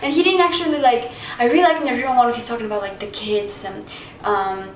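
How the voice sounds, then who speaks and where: A woman casually reviewing a film, chatty and animated, acting out quotes in high voices. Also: fast talker. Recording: echoey room, distant mic, faint noise.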